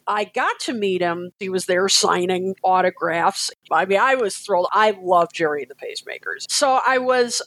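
A woman's voice: mid-range voice, moderate pace, hardly any pauses, a bit bright, slight background noise, low-quality recording. An American woman co-hosting a podcast, telling a story casually with lots of fillers and laughter. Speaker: podcast co-host.

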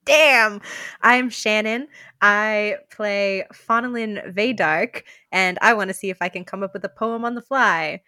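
A woman's voice: mid-range voice, slow, sharp tone, no room sound, clean studio sound. A woman playing in a tabletop game, chatting and joking playfully. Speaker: player. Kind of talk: casual game chat.

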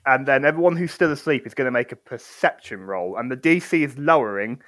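A man's voice: medium pitch, a little fast, a bit bright, no room sound. A man running a tabletop game as game master, narrating playfully and laughing often.

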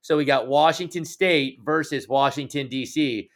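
A man's voice: a little high, normal speed. A man in his thirties co-hosting a podcast, bantering and teasing his co-hosts in a playful, jokey way. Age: 30s. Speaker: podcast co-host.

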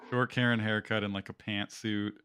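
A man's voice: on the low side, flat delivery, moderate pace, fairly bright tone, smooth. A man co-hosting a casual podcast, rambling and filling his talk with "like". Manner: rambling, heavy use of "like". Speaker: podcast co-host. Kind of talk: casual chat.

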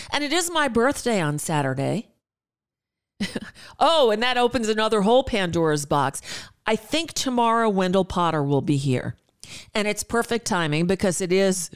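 A woman in her 60s rambles through a casual monologue on her talk radio show, sounding exasperated and breaking off into restarts and asides. Her voice is fairly low and smooth.

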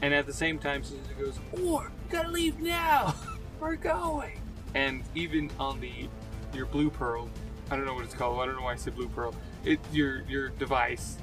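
A man's voice: mid-range voice, flat delivery, recorded from a distance, music in the background. A man running a tabletop game as game master, laughing often and restarting sentences. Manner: laughing often, restarts mid-sentence, puts on quick character voices.

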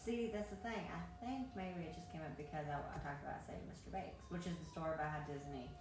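A woman with a lower voice co-hosts a relaxed chat and answers with dry comebacks. She sits away from the mic in a very echoey room, with a faint hiss behind her. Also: fast, distant mic. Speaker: podcast co-host. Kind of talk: casual chat.

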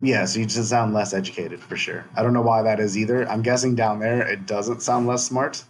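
Husky low-voiced man, blunt chat. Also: steady tone, brisk. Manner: crude, blunt, laughs often. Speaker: podcast co-host. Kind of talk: casual chat.

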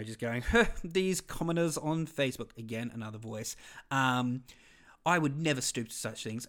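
An Australian man in his thirties hosting a solo podcast, talking in a rambling, self-deprecating way full of digressions. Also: mid-range voice. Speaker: podcast host.

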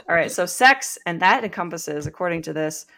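A woman's voice: on the low side, expressive, normal speed, creaky, sharp tone, a little hiss or hum. Laughing woman reading aloud wryly. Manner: wry, laughs often while reading. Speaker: podcast host. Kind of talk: casual chat, reading aloud from a book.

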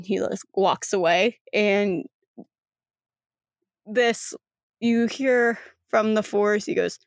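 A young woman narrates a tabletop game, wandering through her descriptions with plenty of fillers. She talks slowly, and her voice sits close and dry with no room around it. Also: medium pitch, dry recording. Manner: rambling, full of fillers. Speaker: game master.

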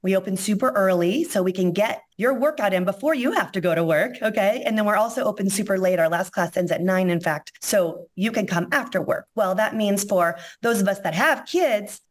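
A hoarse woman, a podcast guest telling her story in a heartfelt, emotional way. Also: mid-range voice. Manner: emotional, heartfelt, close to tears. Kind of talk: casual interview storytelling.

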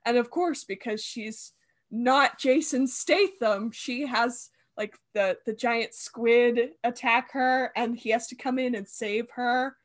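A woman with a slightly high voice recaps a film scene on a podcast. She talks in a loose, chatty way and drops wry asides. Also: takes it slowly. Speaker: podcast co-host. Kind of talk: casual movie chat.

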